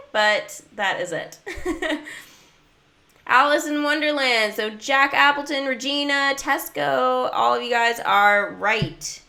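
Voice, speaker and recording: A woman's voice: a little high, bright, forceful tone. A woman casually commenting on a mobile game in a livestream, chatting with her viewers. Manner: chatty, talks to chat and viewers. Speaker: gaming livestreamer.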